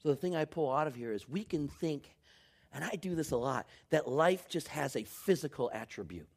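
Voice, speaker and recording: A man preaching a sermon, swinging between shouted lines and near whispers. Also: fairly high pitch, expressive, moderate pace, gravelly. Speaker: pastor.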